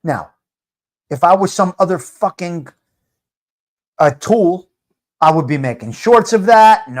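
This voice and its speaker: New guy hosting a live stream, high voice, swoopy, brash and teasing. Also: expressive, measured pace, pauses often. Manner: brash, teasing, street-wise banter. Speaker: live-stream host reading chat. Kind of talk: casual live-stream chat.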